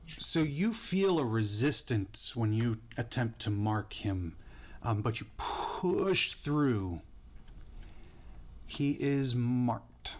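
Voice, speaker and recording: Slow, measured male dungeon master. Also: mid-range voice, expressive. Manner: measured, descriptive narration. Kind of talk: narrating a tabletop game.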